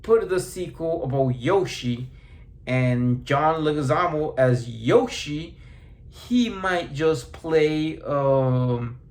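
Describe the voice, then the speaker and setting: A man giving a casual movie review, rambling and halting, with frequent restarts and fillers. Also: on the high side, lively intonation, a little mellow.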